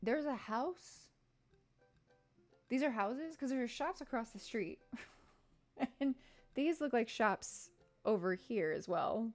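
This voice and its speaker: A woman's voice: on the high side, animated, slow, long pauses, soft background music. Playful woman streamer, laughing asides. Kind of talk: casual gaming commentary.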